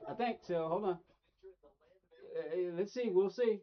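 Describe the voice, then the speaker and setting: A man's voice: sits high, a little slow, soft background music. A middle-aged man streaming a racing game, rambling casually and talking straight to his chat. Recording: dull lo-fi stream audio.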